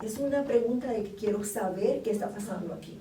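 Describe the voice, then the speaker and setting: A woman's voice: medium pitch, lively intonation, fast. A woman teaching an English conversation class who explains phrases patiently, models intonation and laughs often. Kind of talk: conversation class, switching between English and Spanish. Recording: roomy classroom recorded from a distance with faint noise.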